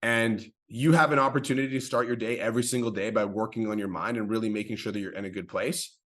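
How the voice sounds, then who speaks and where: A man's voice: fairly low pitch, fairly even intonation, a bit bright. A man coaching a group on a call, profane, emphatic and pumped up. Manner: fast, profane, hyped, emphatic.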